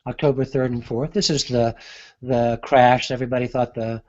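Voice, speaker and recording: A man giving an unscripted software demonstration, thinking aloud with frequent pauses and fillers. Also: medium pitch, little pitch movement, muffled recording. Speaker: market analyst demonstrating software. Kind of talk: unscripted screen-share demo.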